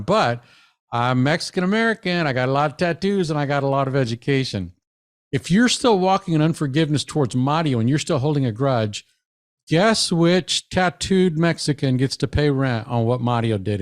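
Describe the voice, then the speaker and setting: A man, a psychologist, giving a lively, conversational professional development talk to teachers, often acting out quoted voices. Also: mid-range voice.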